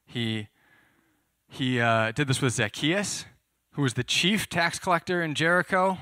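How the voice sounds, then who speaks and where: Bright-voiced man teaching a sermon. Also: a little high, animated, a little slow, no echo, clean studio sound. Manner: conversational, asks the audience questions. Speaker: pastor.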